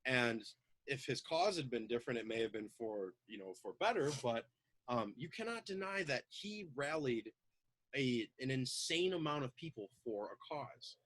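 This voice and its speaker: Husky, animated man in casual talk. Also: medium pitch, normal speed, dry recording, poor audio. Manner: loud, excitable, acts out little quoted voices. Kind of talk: casual chat, animated storytelling.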